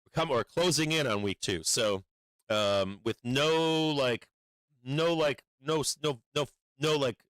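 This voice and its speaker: A man's voice: mid-range voice, normal speed, a bit bright, clear, resonant tone, dry recording, low-quality recording. A man giving casual livestream market commentary, blunt and profane, rambling with many fillers and urgent warnings. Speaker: stock market streamer.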